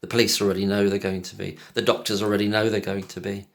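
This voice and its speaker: Lowish-voiced guy ranting over a clip, scornful, lots of rhetorical questions. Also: little pitch movement, fast talker, vocal fry. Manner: scornful, talks over clips with pointed questions. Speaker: commentator reacting to a podcast clip. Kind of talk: casual spoken commentary.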